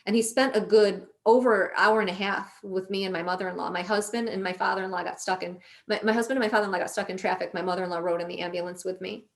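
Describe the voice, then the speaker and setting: A woman's voice: medium pitch, steady tone, fast, few pauses. A middle-aged woman, a guest on a conversational show, telling a personal story earnestly and emotionally, with frequent restarts.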